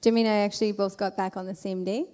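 A woman speaking to a church congregation, telling lively stories about a mission trip and acting out what people said. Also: mid-range voice, fast, in a large hall. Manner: lively storyteller acting out quotes.

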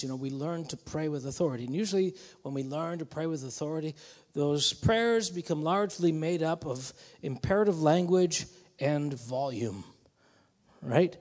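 A man preaching a sermon in a conversational, musing way that rises to emphatic bursts. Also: a little high. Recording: long hall reverb.

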